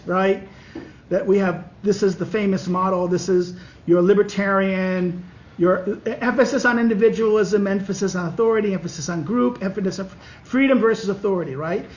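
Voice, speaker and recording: A man, a political science professor, giving a halting classroom lecture with many restarts while walking through diagrams. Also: sits high, slight background noise. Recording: muffled lo-fi lecture recording.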